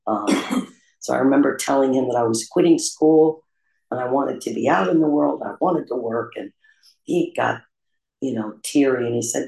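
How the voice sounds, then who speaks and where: A man candidly telling his own recovery story in a confessional, self-deprecating way, with frequent pauses and "um" fillers. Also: medium pitch, gravelly, a little mellow. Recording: roomy echo.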